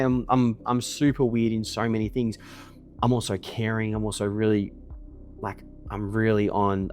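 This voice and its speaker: Sitting at his desk in a villa, a 20-something email marketing business owner delivers a casual, boastful, profane monologue to camera. His voice is lowish and a little mellow, and he keeps tacking on a pushy "okay?".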